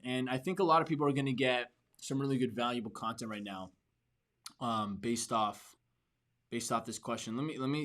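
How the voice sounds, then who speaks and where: A man's voice: mid-range voice, a bit bright. A man hosting a podcast for entrepreneurs, giving a motivational talk with emphatic repeats and restarts. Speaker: podcast host.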